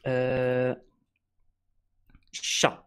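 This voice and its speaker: Man from Norway, podcast co-host, measured and slightly formal, hesitant fillers. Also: mid-range voice, monotone, a bit bright, clean tone. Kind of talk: casual chat.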